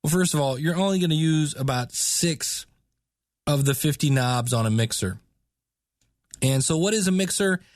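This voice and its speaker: A man's voice: a little high, normal speed, no echo, studio quality. A man hosting a podcast, explaining setup tips in a chatty, casual way. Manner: chatty, explanatory, with filler words. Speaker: podcast host.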